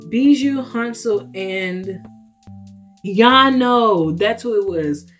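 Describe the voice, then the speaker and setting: A young woman tells a storytime to her viewers in a casual, gushing way. Her voice sits at a middle pitch and keeps jumping up when she gets excited, with giggles scattered through. Faint music plays quietly behind her. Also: drawn-out words. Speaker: vlogger.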